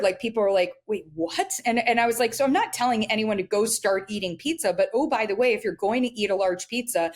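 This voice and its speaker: A woman dietitian chats as a podcast guest, animated and anecdotal. She keeps reaching for "like" and "you know" and slips into voices for quoted lines. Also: mid-range voice. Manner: animated, many fillers, acts out quotes. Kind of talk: casual interview storytelling.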